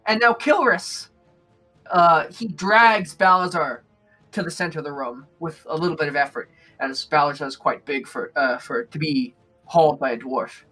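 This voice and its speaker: A man narrating as game master of a tabletop game, describing scenes with frequent pauses. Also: on the high side, bright, forceful tone, soft background music. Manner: descriptive, hesitant with fillers.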